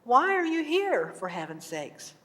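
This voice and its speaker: A woman's voice: sits high, sing-song, a little slow, a bit bright, voice pushed up, exaggerated voice. A woman voicing a persistent owl that keeps asking the same probing question, told in a sermon story. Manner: probing, repeating one question. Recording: echoey hall.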